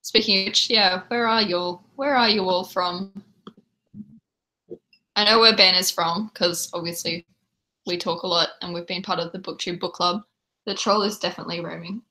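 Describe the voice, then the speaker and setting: A woman's voice: lowish voice, steady tone, moderate pace, sharp tone. A young Australian woman with an Australian accent, chatting casually to viewers as a livestream host from home. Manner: chatty, reads and answers chat. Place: home room.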